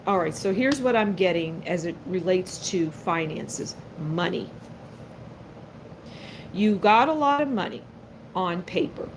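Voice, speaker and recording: A woman's voice: on the low side, expressive, measured pace, long pauses, noisy background. A woman doing a live-stream tarot reading. She is blunt and sassy and speaks straight to her viewers. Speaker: tarot card reader.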